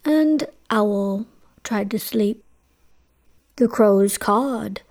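A woman hosting a children's story hour, reading a bedtime tale in a slow, sing-song, drawn-out way and asking playful questions of her young listeners. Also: mid-range voice, darkish tone.

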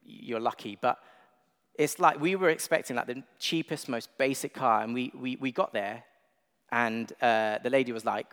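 A man's voice: mid-range voice, normal speed, a bit bright, clear, resonant tone. Young male preacher, casual and self-deprecating, reverberant church hall. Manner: conversational, self-deprecating, with filler words. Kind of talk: sermon. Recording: long reverb of a large hall.

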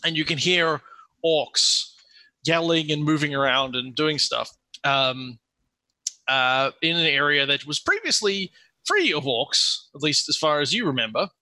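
A man's voice: a little high, animated, measured pace, bright, forceful tone, dry recording, poor audio. A man narrating a tabletop game as game master, rambling a little and restarting his sentences. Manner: rambling, many restarts and fillers.

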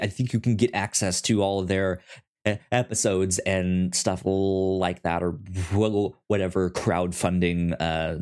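A man's voice: lowish voice, darkish tone. A man hosting a podcast, chatting casually in a rambling way with many restarts. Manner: rambling, with frequent restarts and fillers. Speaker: podcast host.

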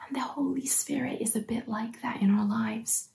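Mellow-voiced woman preaching earnestly. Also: a little high, steady tone, normal speed, vocal fry, few pauses. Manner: earnest and encouraging, drops to soft near-whispers. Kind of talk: sermon.

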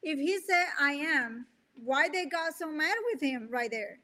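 A woman's voice: sits high, lively intonation, measured pace, bright, forceful tone. A woman co-hosting a scripture discussion, answering her husband in an earnest, emphatic way. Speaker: co-host, wife of the teacher.

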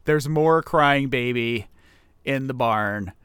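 Guy on a movie podcast, smooth clear voice, laughing thru a sarcastic recap. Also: medium pitch, slow, a bit bright, no echo. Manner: laughs often, recaps the plot with dry sarcasm. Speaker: podcast co-host. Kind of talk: casual movie review chat.

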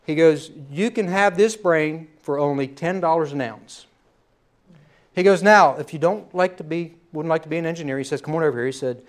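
A man's voice: on the high side, expressive, normal speed. Folksy middle-aged preacher man. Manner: folksy storytelling, conversational asides. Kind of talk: sermon with a told joke.

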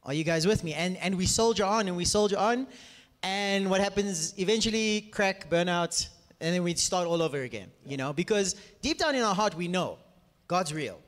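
Energetic male preacher, high voice, works the crowd with questions, reverberant hall. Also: moderate pace. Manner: energetic, questions the audience, jokes. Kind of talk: teaching sermon to a congregation.

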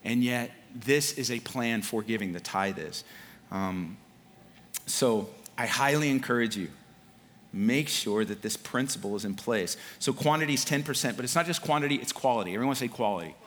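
A man preaching a sermon in a relaxed, conversational way, with slang and filler words. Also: medium pitch, normal speed, slight background noise. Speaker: pastor. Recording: long hall reverb.

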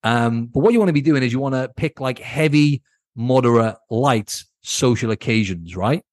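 A man's voice: medium pitch, normal speed, no echo, clean studio sound. A man hosting his own podcast as a coach, giving blunt, casual advice and often checking in with "right?". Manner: blunt, casual, keeps asking "right?", swears. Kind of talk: solo podcast advice talk.

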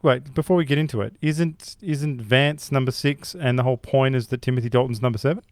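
A man's voice: medium pitch, fairly quick, dry recording. A man co-hosting a comedy podcast, rambling and mock-outraged, laughing along. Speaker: podcast co-host. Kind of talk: casual comedic podcast chat.

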